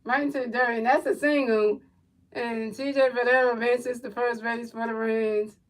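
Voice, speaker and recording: Woman with a slightly high voice, livestream commentator, casual play-by-play, repetitive calls, frustrated rants. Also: steady tone, moderate pace, poor audio.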